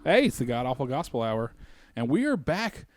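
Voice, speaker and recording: A man's voice: mid-range voice, very animated. Chatty podcast co-host man. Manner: chatty, laughs easily, quick bursts. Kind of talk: casual chat. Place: podcast studio.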